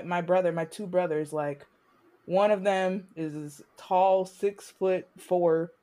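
A young woman, a student, speaking candidly in conversation, impassioned and halting, with frequent restarts. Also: on the low side, a little mellow. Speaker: student sharing experience.

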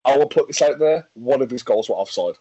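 A man from England co-hosts a podcast in a casual chat, animatedly reading facts aloud with frequent restarts and laughs. His voice is mid-range and brisk, and the audio is dull with a little hiss or hum.

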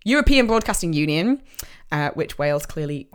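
A woman's voice: deep voice, very animated, normal speed, smooth. A young woman co-hosting a casual podcast, telling a story in a chatty way, swearing and laughing often. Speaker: podcast co-host. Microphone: podcast microphone.

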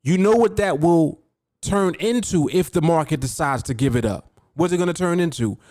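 Emphatic, lively-voiced male podcast host. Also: a little high, moderate pace, no echo, studio quality. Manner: emphatic, repeats key words, addresses the listener directly. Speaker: podcast host and trading coach. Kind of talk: motivational podcast talk.

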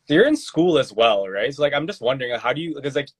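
A young man co-hosting a podcast, talking in a relaxed, hesitant way with lots of fillers. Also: medium pitch, fast, husky. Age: young adult. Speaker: podcast co-host. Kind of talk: casual chat.

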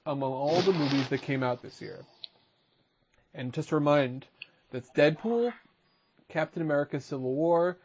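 A man hosting a casual podcast chat, introducing guests and running through topics in quick, chatty rundowns. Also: a little high, a little mellow, husky. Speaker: podcast host.

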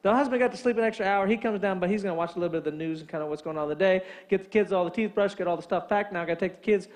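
High-voiced pastor telling a joke. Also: male voice. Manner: animated joke-telling, rapid-fire lists, frequent "right?". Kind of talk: humorous sermon storytelling.

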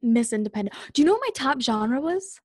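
A woman's voice: sits high, animated, fairly quick, a little mellow, no room sound, studio quality. A woman in her twenties co-hosting a podcast in casual chat, talkative and self-deprecating, recorded at home. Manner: chatty, self-deprecating, giggly. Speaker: podcast co-host. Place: home room, fan running.

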